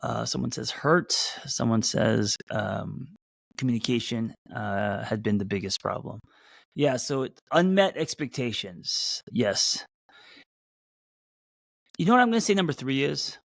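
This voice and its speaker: A man who hosts as a therapist, talking loosely to a live audience, with many fillers and restarts, and a voice that sometimes jumps up high. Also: lively intonation, unhurried, gravelly, no room sound, studio quality. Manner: voice jumps up in pitch at times. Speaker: therapist and podcast host. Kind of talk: casual live-stream talk.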